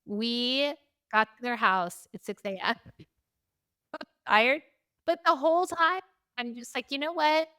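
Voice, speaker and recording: A middle-aged woman telling a chaotic travel story in a casual chat, animated and laughing often, acting out quotes in a higher voice. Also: slow pace, pauses often, clean tone. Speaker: podcast host.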